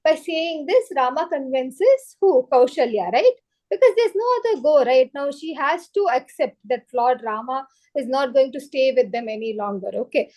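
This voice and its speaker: A woman's voice: sits high, animated, normal speed, darkish tone. A woman telling a story to children on a video call, checking in often with "okay?" and "right?". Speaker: children's teacher. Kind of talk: storytelling lesson for kids.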